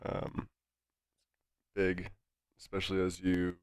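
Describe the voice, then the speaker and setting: A man coaching a player through a game review, talking calmly with plenty of fillers, his nose stuffy. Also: deep voice, takes it slowly, clean tone, dry recording. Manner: calm, instructive, with many fillers.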